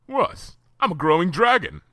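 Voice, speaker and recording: Man putting on a cheeky baby dragon, eager, raised pitch, bouncy, dry close recording. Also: sing-song, moderate pace, fairly bright tone, no room sound. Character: young male baby dragon, eager and greedy.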